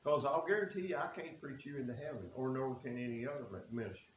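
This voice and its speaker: A man's voice: medium pitch, fast talker. A man preaching a sermon in a church, folksy and earnest, reading scripture aloud. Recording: echoey room with faint hiss.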